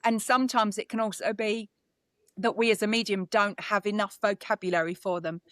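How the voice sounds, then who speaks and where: A woman's voice: medium pitch, fairly even intonation, a little fast, a bit bright, dry recording. A British woman, a psychic medium guest, speaking earnestly and with feeling in a conversational interview, often restarting her sentences. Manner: earnest, emotional, talks with many restarts.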